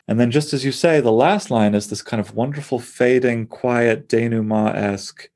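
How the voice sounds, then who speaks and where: A man's voice: lowish voice, normal speed, few pauses, darkish tone. A man, a poet, talking through poems in an enthusiastic, thinking-aloud conversational way. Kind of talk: conversational close reading of poetry.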